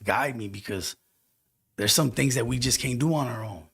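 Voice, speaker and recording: A man's voice: medium pitch, brisk, vocal fry, fairly bright tone, slightly rough, dry recording, studio quality. A man telling a heartfelt personal story on a podcast in casual, slang-filled speech. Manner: earnest, heartfelt testimony with street slang.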